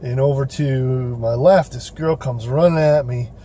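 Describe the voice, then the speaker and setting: Rambling man, mellow voice. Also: medium pitch, measured pace, a little hiss or hum. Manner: rambling, with many fillers and restarts. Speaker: rideshare driver vlogger. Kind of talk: casual storytelling.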